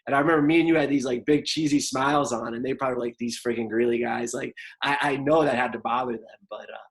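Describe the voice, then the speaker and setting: A man's voice: medium pitch, fairly even intonation, fast, poor audio. A man, a wrestling coach telling a long story in a casual podcast chat, rambling with lots of fillers.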